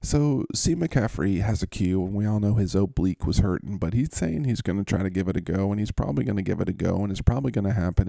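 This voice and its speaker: A man's voice: low voice, vocal fry, mellow, no room sound. A man hosting a fantasy football show, going through matchups in a playful, jokey, rambling way. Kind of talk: casual matchup commentary.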